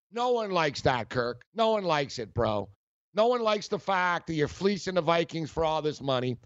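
A man's voice: on the high side, fairly bright tone, dry recording, highs cut off. A man hosting a sports talk show, ranting in a heated, mocking way and often repeating himself.

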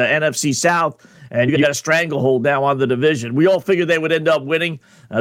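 A man's voice: on the high side, fairly bright tone, no echo. A man hosting a sports betting radio show, talking in a wry, conversational monologue full of rhetorical questions.

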